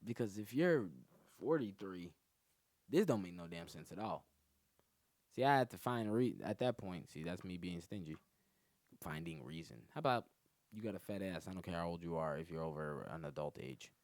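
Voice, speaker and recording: Animated, profane male comedian rambling solo. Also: moderate pace, no room sound. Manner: profane, animated storytelling that jumps in pitch. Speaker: comedian podcast host.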